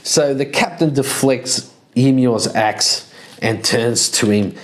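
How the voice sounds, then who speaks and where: A man narrates a solo tabletop game in a relaxed, rambling way, counting out moves aloud. He speaks slowly in a mid-pitched voice.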